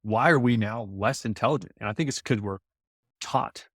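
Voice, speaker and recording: A man with a lowish voice, talking loosely as a podcast guest. He winds through his stories with plenty of "like" and "you know." The sound is dry and close. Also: normal speed, fairly bright tone, husky, dry recording. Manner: rambling storyteller, lots of fillers. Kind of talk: casual podcast chat.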